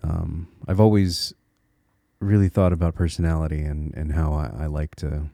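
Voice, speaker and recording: A Connecticut man hosts a solo podcast in a bass voice with vocal fry and a dark tone, his delivery flat and his speed normal. He sounds earnest, reflective and encouraging, restarting small bits as he thinks aloud. The recording is clean studio sound with no echo.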